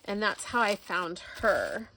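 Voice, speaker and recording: A woman's voice: medium pitch, very animated, slow, vocal fry, sharp tone, slight background noise. A woman unboxing gifts at home in a casual vlog, effusive and full of exclamations. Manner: gushing, effusive, many exclamations. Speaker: crafting vlogger. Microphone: camera recording.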